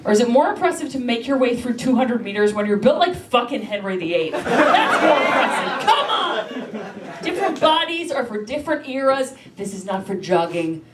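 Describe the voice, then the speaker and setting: A brash woman tears through a self-mocking stand-up set and swears freely. Her voice sits a bit high. She is heard from a distance in an echoey room, with loud noise over it. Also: lively intonation, fairly quick, hardly any pauses, a loud crowd. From Canada. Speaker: stand-up comedian.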